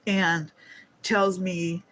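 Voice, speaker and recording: Slow, drowsy woman chatting. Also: lowish voice, little pitch movement, noisy background. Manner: chatty, yawning, addresses viewers as y'all. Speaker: livestream host. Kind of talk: casual livestream chat. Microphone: phone on a holder.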